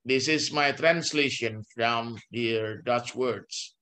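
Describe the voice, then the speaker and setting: An older man, a law professor giving a university lecture in English, slow and halting, with frequent pauses and restarts. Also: mid-range voice, steady tone, pushed and bright. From Indonesia. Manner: mixes in Dutch legal text.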